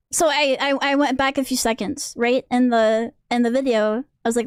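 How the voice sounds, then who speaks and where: A woman's voice: high voice, fairly even intonation, fairly quick, hardly any pauses, clean tone, dry recording, clean studio sound. A woman streamer in a casual rant, rambling and restarting her sentences, sounding exasperated. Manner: rambling, self-interrupting, exasperated.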